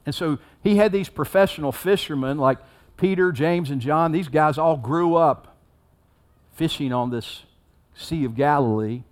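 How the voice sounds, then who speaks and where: A man giving a sermon as a pastor, preaching in a conversational way and acting out the story with rising intensity. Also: a little high.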